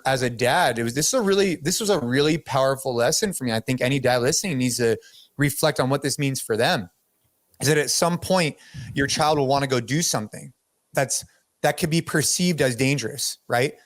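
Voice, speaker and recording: A middle-aged man hosting a podcast, telling a story in a casual, animated way, with lots of "dude" and "like". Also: medium pitch, a little fast, dry recording. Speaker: podcast host.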